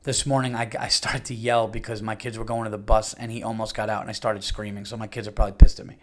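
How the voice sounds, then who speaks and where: A man's voice: on the low side, level tone, quick pace. Crude, rambling man hosting a podcast. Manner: blunt, crude and rambling, many fillers. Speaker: podcast host. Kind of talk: casual monologue.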